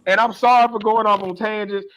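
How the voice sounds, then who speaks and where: A man's voice: sits high, little pitch movement, brisk, fairly bright tone, slight background noise. A man co-hosting a podcast, going off on a comedic, profane, exasperated rant in casual talk. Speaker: podcast co-host.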